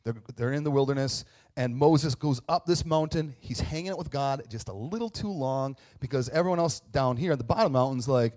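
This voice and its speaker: A man's voice: mid-range voice, fairly quick. Chatty man preaching a sermon. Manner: conversational, self-deprecating, lively storytelling with asides and fillers. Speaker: pastor.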